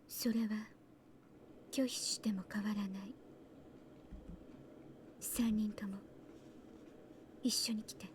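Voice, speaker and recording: A woman voicing a cold, terse young woman with a gun in a game, in a whispered role-play, talking in a flat, emotionless hush. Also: medium pitch, a little slow, pauses often, a little hiss or hum, lightly acted. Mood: cold threatening.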